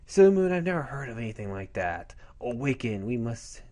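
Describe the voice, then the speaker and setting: A haughty male monster villain barks commands, voiced by a man retelling a comic. The voice is mellow with lively pitch movement. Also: brisk, natural voice. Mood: commanding.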